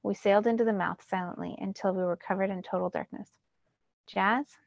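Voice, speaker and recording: A woman teacher reading a novel aloud in first-person narration, with lively emphasis. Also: mid-range voice, fast talker, gravelly, no room sound, dull audio.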